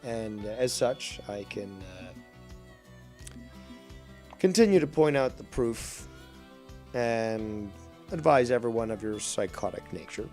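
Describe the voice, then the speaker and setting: A man's voice: fairly low pitch, animated, slow pace, long pauses, a little mellow, soft background music. A man chatting casually on a live stream while playing a fishing game, rambling, sarcastic and profane.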